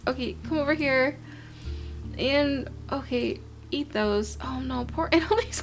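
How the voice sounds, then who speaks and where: Young woman host, high voice with vocal fry, fussing over her game creatures as she plays. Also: normal speed. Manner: chatty, talks to her game creatures, easily flustered. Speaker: gaming channel host. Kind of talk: casual let's-play commentary. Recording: soft music behind.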